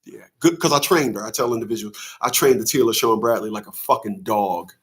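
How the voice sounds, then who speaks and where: A man's voice: on the low side, fairly quick, a bit bright. A man giving a heated, profane commentary monologue as a channel host, often acting out courtroom dialogue in a raised voice. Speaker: father's rights channel host.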